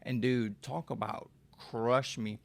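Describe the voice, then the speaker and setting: Gravelly young man telling his story. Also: medium pitch, fairly even intonation, takes it slowly, no echo. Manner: candid and raw, swears freely. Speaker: podcast guest. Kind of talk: personal storytelling.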